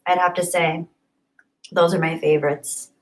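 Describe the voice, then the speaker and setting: A woman's voice: lowish voice, flat delivery, moderate pace, low-quality recording. A young woman hosting a livestream, reading chat messages in a bubbly, effusive way and often laughing. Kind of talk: casual live-stream chat.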